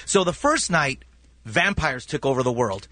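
A man's voice: mid-range voice, animated, normal speed, bright, forceful tone, dry recording. A man on a radio show telling a rambling story with lots of stumbling restarts. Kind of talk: casual storytelling on air.

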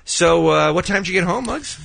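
Brief: male radio host, brisk and teasing, lively pitch, dry studio sound. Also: vocal fry, no echo. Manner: brisk, teasing, runs the show. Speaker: radio morning show host. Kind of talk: morning radio banter and show rundown. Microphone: studio microphone.

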